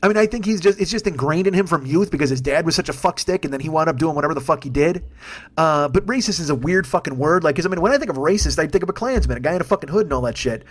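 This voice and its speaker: Fast, high-voiced ranting man in his fifties. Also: expressive. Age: 50s. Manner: profane, exasperated, emphatic. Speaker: podcast host and comedian. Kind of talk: ranting solo monologue.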